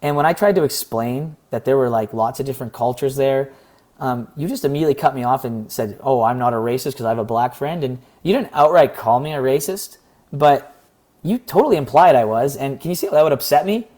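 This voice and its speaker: A young man from Canada, talking through a personal story in a casual, rambling vlog, his voice slightly hoarse. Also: medium pitch, lively intonation, brisk, a little mellow. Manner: earnest, rambling, acts out quoted exchanges. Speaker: vlogger.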